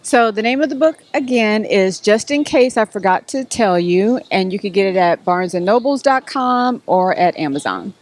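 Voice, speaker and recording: A woman's voice: medium pitch, animated, moderate pace, hardly any pauses. A middle-aged woman, answering interview questions as an author in a storytelling way. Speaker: author and guest.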